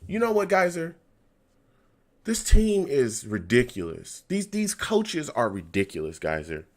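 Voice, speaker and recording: This man, hosting a fan livestream, reacts to a football match, airing his exasperation and reading out messages from chat. He has a mid-range, sing-song voice and keeps a measured pace.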